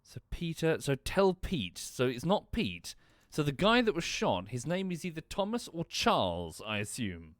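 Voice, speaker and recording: A man's voice: a little high, very animated, measured pace, few pauses, no echo, clean studio sound. A man streaming a game, thinking aloud as he plays, apologizing and correcting himself along the way. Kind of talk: casual gameplay commentary.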